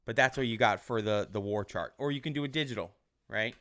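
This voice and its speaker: A male teacher giving casual online class instructions in a relaxed, rambling way with many fillers. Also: mid-range voice, fairly quick.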